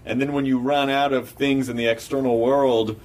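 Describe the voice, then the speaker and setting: A man's voice: medium pitch, flat delivery, moderate pace, a little mellow. Thoughtful male interviewer, slightly distant. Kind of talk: casual interview chat.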